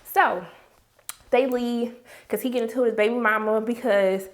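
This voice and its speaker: A woman with a high voice retells a TV episode in a loose, chatty recap. She sounds animated and exasperated, with plenty of slang. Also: moderate pace. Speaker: TV episode reviewer.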